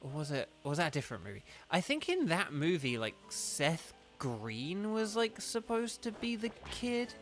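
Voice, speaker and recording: A man's voice: fairly high pitch, huge pitch swings, moderate pace, few pauses, a bit bright, soft background music. A young man from southern England with a southern English accent, chatting casually and rambling on a game livestream, leaning heavily on "like". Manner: rambling, chatty, heavy use of "like". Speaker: game streamer.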